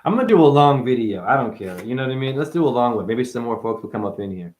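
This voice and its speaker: A man hosting a livestream, giving a rambling, profane, preachy spiritual monologue with sudden high, loud exclamations. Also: lively intonation, fast. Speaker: livestream host.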